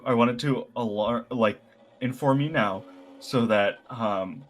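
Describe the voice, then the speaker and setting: A man's voice: mid-range voice, lightly acted. A man playing an earnest caring young woman. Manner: gentle, careful, hesitant reassurance. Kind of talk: tabletop role-play in character.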